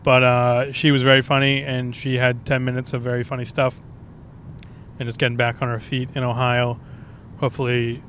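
A man's voice: mid-range voice, completely flat delivery, moderate pace, fairly bright tone, a little hiss or hum. A man who is a stand-up comedian talking casually and profanely in a rambling solo podcast monologue, recorded on the road. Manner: rambling, profane, laid-back.

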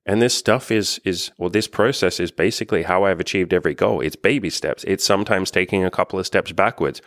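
A man's voice: low-pitched, brisk, hardly any pauses, fairly bright tone, no echo, studio quality. A male dating and life coach giving a casual self-help talk, blunt and encouraging, swearing freely.

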